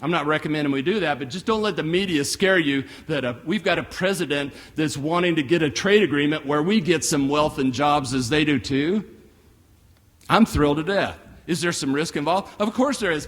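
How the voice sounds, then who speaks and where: A man's voice: fairly high pitch, a bit bright. A middle-aged American man giving a blunt, folksy economic forecast speech full of rhetorical questions, recorded live in a large hall. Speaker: guest speaker, economist. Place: large hall with long reverb.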